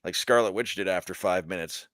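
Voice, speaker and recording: Man, young adult, podcast co-host, animated, casual debate, dry close sound. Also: low-pitched, fairly quick, dry recording. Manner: animated, laughs often, quotes characters in put-on voices. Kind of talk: casual pop-culture debate.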